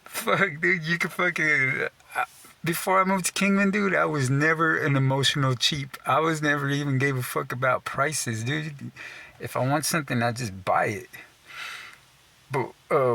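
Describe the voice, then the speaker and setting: Man from Texas, young adult, gravelly, sharp and forceful tone, swears a lot, keeps saying dude. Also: a little high. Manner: laughs at himself mid-sentence. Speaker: storyteller. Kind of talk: casual profane rant.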